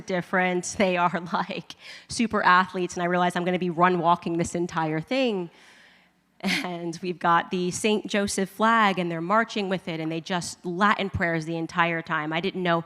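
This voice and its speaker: A woman commentator telling a personal testimony in a lively way, laughing often and acting out her own reactions. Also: on the low side, big-room sound. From United States.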